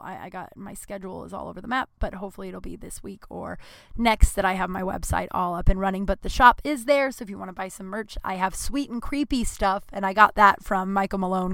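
Smooth-voiced woman, chatty podcast host. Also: medium pitch, pushed and bright, no echo. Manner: chatty, profane, self-deprecating. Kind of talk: casual solo podcast outro.

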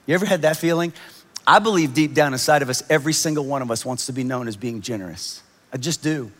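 A man's voice: medium pitch, quick pace. Man preaching in a reverberant church hall. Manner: animated storytelling, quoting others in raised voices. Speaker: pastor. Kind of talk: sermon.

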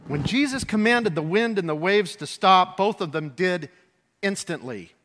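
A man preaching a sermon, animated, acting out voices and shouting for emphasis. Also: high-pitched, normal speed, slight background noise. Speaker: pastor. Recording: long hall reverb.

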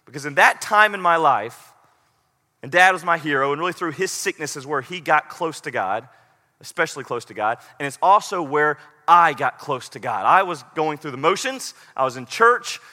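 A man's voice: on the high side, animated, moderate pace, pushed and bright, in a large hall. A middle-aged man preaching a sermon, earnest and at times pleading. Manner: earnest, rising to pleading intensity. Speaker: pastor.

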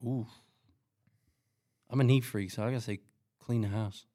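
A man from New York, a DJ guest on a podcast, giving short laid-back answers that trail off quietly. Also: on the low side, fairly even intonation, moderate pace. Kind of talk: casual chat.

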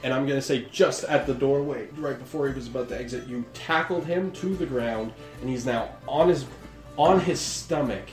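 A man's voice: mid-range voice, normal speed, echoey room, faint music behind. A man running a tabletop game as game master, casual, laughing and swearing.

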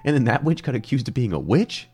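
A man co-hosting a casual podcast chat, rambling and joking, with big jumps in pitch for emphasis. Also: a little fast, husky. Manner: animated, rambling, jokey, leaps up in pitch for emphasis. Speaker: podcast co-host.

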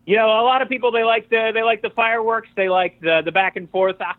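An actor playing a male radio station owner who calls in and gives a calm, rambling lecture. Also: high-pitched, fast talker, crowd noise, natural voice. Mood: disappointed. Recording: tinny dry phone line.

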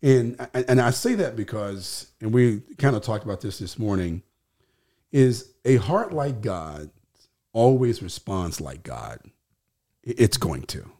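A low-voiced man with a dark, mellow tone explains scripture in an emphatic, preacherly way. His pitch rises and falls widely as he builds his points through repeated phrases. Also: sing-song, measured pace. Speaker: pastor and guest. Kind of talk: conversational teaching on scripture.

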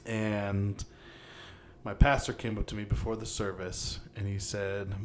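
A man's voice: lowish voice, flat delivery, measured pace, slight background noise. A young man hosting a podcast, telling stories loosely with lots of fillers and laughs. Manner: rambling storyteller, many fillers, laughs often. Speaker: podcast host. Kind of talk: casual podcast chat.

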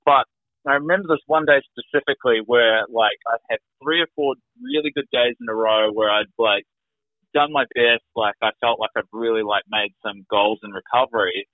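A man with a mid-pitched voice tells his story to an interviewer in a loose, rambling way, leaning on "like" as he goes. He comes through a narrow, phone-like remote call line that sounds dry and close, with no room around him. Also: animated, normal speed, dry recording. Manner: rambling, many "like" fillers. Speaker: guest sharing his recovery story.

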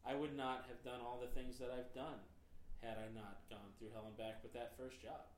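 A man who works as a chef, telling a long story in casual chat with a rambling, profane and animated way of talking. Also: medium pitch, moderate pace. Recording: echoey room with faint noise.

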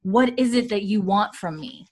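A woman's voice: mid-range voice, lively intonation, normal speed, voice pushed up, natural voice. A woman quoting a young pregnant wife who hesitates and stumbles over her words, lifting her voice for the part. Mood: upset. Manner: hesitant, with stammered restarts.

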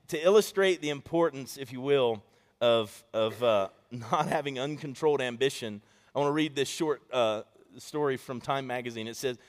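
Man preaching in an echoey hall. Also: mid-range voice. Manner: storytelling, conversational, addresses the congregation. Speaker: pastor. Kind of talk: sermon.

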